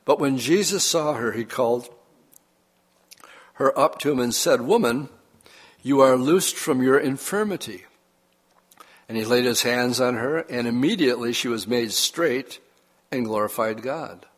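A man's voice: medium pitch, moderate pace. Older man preaching a folksy sermon. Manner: folksy storytelling preacher, lively emphasis. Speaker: pastor.

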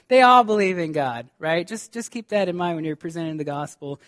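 A man's voice: high-pitched, brisk, few pauses, a bit bright. A man preaching a sermon as pastor, speaking fervently and directly to his congregation, often restarting his sentences.

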